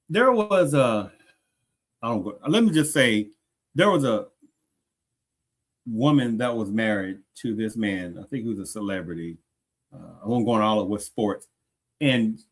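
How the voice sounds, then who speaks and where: A man hosting a rambling reaction commentary, often restarting sentences and asking "do you understand?". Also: mid-range voice. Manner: repeats rhetorical questions, restarts sentences often. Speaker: commentary channel host.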